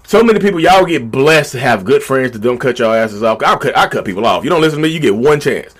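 A man's voice: mid-range voice, animated, quick pace, a bit bright. A man giving blunt, profane relationship advice in a casual vlog monologue recorded in a backyard shed. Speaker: vlogger.

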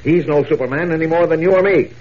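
A man's voice: fairly high pitch, fast talker, natural voice. An actor playing a brusque, blustering male newspaper editor in a 1940s radio drama. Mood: gruff. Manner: brusque, commanding. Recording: dull old radio recording, faint hiss.

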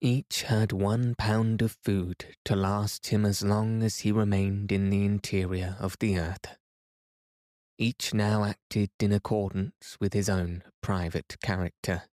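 A man reading a classic novel aloud as a calm bedtime story, soft and even. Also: on the low side, no room sound, studio quality.

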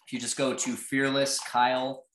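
A man's voice: medium pitch, completely flat delivery, normal speed, fairly bright tone, a little hiss or hum. A man coaching on real estate, giving casual, conversational advice on a live podcast chat over a video call. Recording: echoey room.

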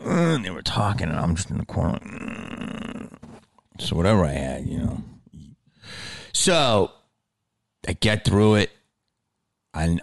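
A man telling a story in a casual, animated way, with frequent swearing and filler words. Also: low-pitched, creaky.

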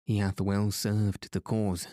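A man reading the lines of a calm, reassuring older nobleman. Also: on the low side, slow, dry recording, studio quality.

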